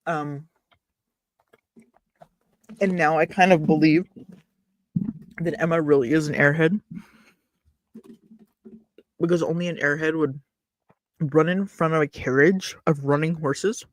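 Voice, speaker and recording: A Texas woman reads a novel aloud on her show, sitting close to a desk webcam at home and breaking off to ramble, apologize and make wry asides in a casual read-along. Her voice is deep and fairly even, slow and full of pauses, and the recording is dry.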